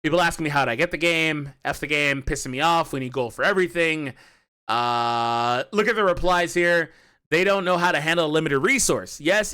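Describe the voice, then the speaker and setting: A man giving animated opinion commentary on a mobile game, arguing his point with many repeats and asides. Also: fairly high pitch. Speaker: gaming youtuber.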